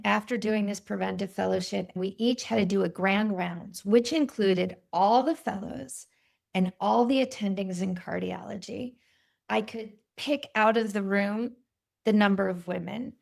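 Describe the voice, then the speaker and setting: A woman in her fifties, a cardiologist guest, telling stories in an interview in a vivid, animated way. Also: mid-range voice, measured pace, vocal fry. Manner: animated, vivid storytelling with quoted voices. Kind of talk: storytelling in a podcast interview.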